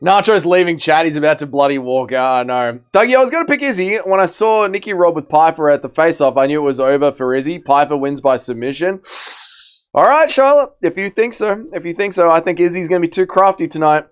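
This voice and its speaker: A man's voice: on the high side, lively intonation, fairly quick, clear, resonant tone. A man hosting a casual fight livestream, bantering with chat, reading out messages and swearing freely. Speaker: livestream host.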